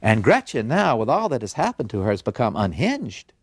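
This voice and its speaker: A man's voice: medium pitch, fairly quick, breathy edge, no echo, studio quality. A man retelling a classic story dramatically, acting out the scenes as he narrates. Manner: lively, acts out scenes.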